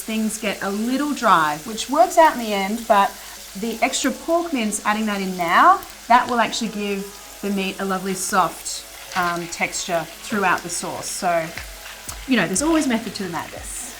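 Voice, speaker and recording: A woman with a medium-pitched voice hosts a cooking show from her home kitchen, with slight background noise in the recording. She cooks while chatting through the recipe in a relaxed, casual way, using fillers as she goes.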